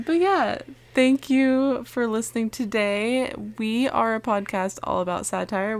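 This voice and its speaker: A young adult woman co-hosting a podcast in casual chat, talking with frequent "um"s and laughing easily. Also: mid-range voice. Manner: chatty, laughs often, hesitant fillers. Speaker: podcast co-host.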